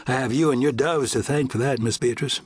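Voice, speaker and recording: A man voicing a modest, principled frontier lawman who speaks quietly and politely. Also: mid-range voice, brisk, breathy edge, no echo, voice pushed up, close to an everyday voice. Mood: earnest.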